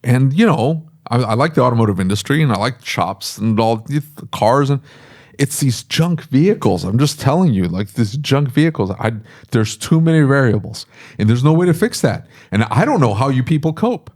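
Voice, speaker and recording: A middle-aged man, a shop owner, chatting casually on a podcast and telling rambling, animated stories. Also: mid-range voice, normal speed. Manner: rambling, animated storytelling with laughs.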